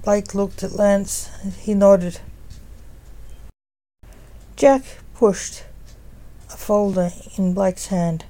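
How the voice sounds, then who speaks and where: A woman reading a fan story aloud in a steady, even storytelling manner. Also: medium pitch, drawn-out words, pauses often, rough recording. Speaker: story reader.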